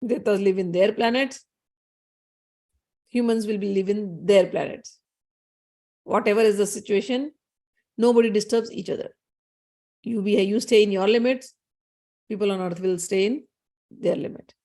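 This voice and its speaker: A woman's voice: medium pitch, moderate pace, long pauses, dark tone. A woman narrating a spiritual story in a conversational, explanatory way, with frequent restarts.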